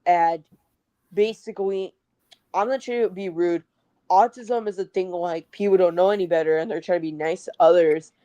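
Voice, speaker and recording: A woman's voice: lowish voice, steady tone, moderate pace, mellow, dry recording. A woman joining a livestream chat, speaking emphatically and with indignation.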